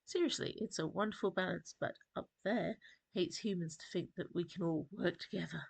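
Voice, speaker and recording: A gravelly, husky-edged demon lord who sounds pleased with himself, put on by a woman narrating a storybook. His voice sits low, and his deals are read out slowly and deliberately. He speaks like a gruff operator who knows he holds the contract. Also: a little mellow, no echo. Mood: smug. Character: smug male demon dealmaker, gruff and boastful.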